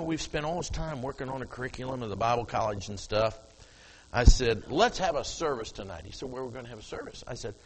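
A man's voice: medium pitch, big-room sound, rough recording. An older man preaching a sermon, telling a story from the platform and acting out the dialogue. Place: church platform before congregation.

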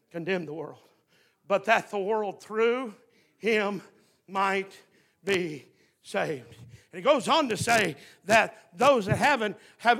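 A man preaching a fiery revival sermon, swinging from quiet, close talk to shouted, repeated lines. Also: high-pitched, creaky.

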